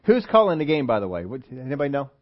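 A man preaching a sermon in a church, animated, acting out quotes and asking the congregation questions. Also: mid-range voice, quick pace. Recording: dull lo-fi sermon recording.

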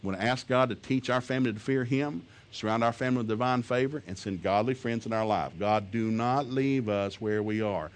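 A man preaches a sermon to a congregation in a homespun, emphatic voice. He chuckles between lines, then climbs to loud, fervent peaks whenever he quotes scripture. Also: lowish voice, fairly quick, few pauses. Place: church service before a congregation.

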